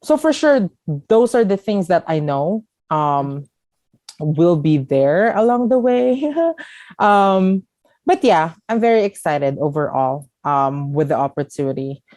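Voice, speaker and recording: A woman's voice: deep voice, lively intonation, slow pace, darkish tone, no room sound. A young woman from the Philippines with a Filipino accent, talking openly and with feeling as a podcast guest. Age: young adult. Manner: emotional, laughing through tears. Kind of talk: conversational interview.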